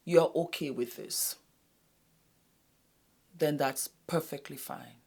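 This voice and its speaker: Low-voiced woman vlogger, whispering for emphasis. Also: slow, vocal fry, pauses often, slightly rough. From West Africa. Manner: earnest, dropping to a hushed whisper for emphasis; addresses viewers as "my darlings". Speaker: YouTube host. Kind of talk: casual commentary to camera.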